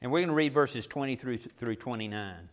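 A middle-aged male pastor preaching a sermon, animated, with self-deprecating asides. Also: medium pitch, a little fast.

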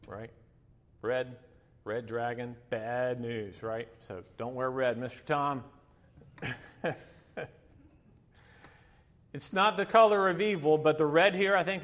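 Man, 50s, pastor, chatty sermon, fairly high voice, long hall echo. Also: a bit bright. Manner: storytelling, chatty with many fillers, laughing asides. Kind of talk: sermon with personal story.

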